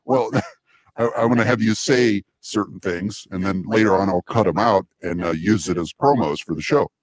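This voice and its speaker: A man's voice: on the low side, moderate pace, rough recording. A man hosting a podcast, chatting casually and laughing often. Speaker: podcast host. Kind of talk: casual chat, joking.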